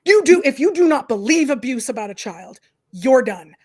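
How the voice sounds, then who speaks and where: A woman host chatting casually on a livestream, animated and opinionated, tossing in "like" and "right?" often. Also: high voice, moderate pace. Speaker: host, professor and counsellor.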